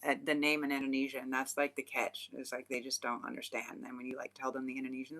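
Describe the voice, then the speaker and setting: Bright, laughing, slangy young storyteller. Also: medium pitch, little pitch movement, fast talker, few pauses. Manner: laughs often, swears freely, loose slangy talk full of "like". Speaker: spiritual channeler and vlogger. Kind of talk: casual rambling chat.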